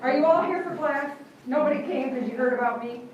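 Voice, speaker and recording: A woman's voice: high voice, fairly quick, highs cut off, a crowd in the background. Upbeat woman teaching in an echoey classroom. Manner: upbeat, joking, giving directions. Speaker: guest speaker. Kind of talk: classroom workshop. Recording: echoey room from far off with hiss.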